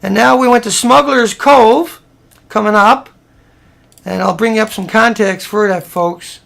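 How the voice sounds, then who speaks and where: A man with a gravelly voice talks casually over a slideshow of photos. He rambles in a plain, everyday way and often breaks off and restarts his sentences. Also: high voice, fairly even intonation, measured pace, a bit bright. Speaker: presenter walking viewers through photos.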